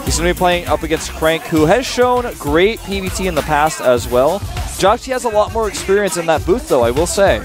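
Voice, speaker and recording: A man commentating live esports as a caster, excitable and hyping up the viewers. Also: high-pitched, a little fast. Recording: broadcast booth with loud game music. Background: game music.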